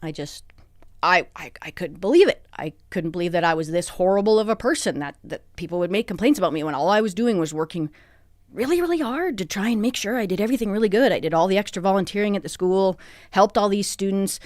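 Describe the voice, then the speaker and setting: A middle-aged woman, a podcast guest recounting a hard time in a halting, emotional way with many restarts. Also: medium pitch, expressive, a little mellow, dry recording, clean studio sound. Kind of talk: personal interview. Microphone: studio microphone.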